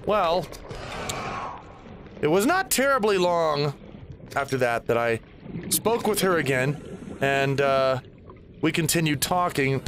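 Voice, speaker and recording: Animated man telling a rambling story. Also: on the high side, noisy background. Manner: rambling, animated, swears at the game. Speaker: gaming storyteller host. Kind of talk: personal storytelling over gameplay.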